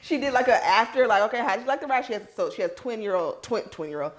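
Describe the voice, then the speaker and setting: A woman's voice: a little high, lively intonation, fast talker. A young adult woman co-hosting a podcast, talking casually, laughing through her stories and swearing casually. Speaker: podcast co-host. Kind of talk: casual chat.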